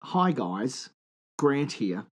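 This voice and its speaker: A man's voice: mid-range voice, very animated, very slow. A man with an Australian accent, co-hosting a podcast and trading teasing jokes in casual banter. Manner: joking, teasing. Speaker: podcast co-host.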